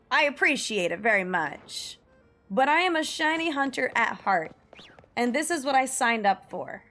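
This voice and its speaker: A woman's voice: fairly high pitch, a bit bright. Giggly young woman streamer chatting. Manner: chatty, giggly storyteller, reads chat aloud. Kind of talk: casual stream chat while gaming.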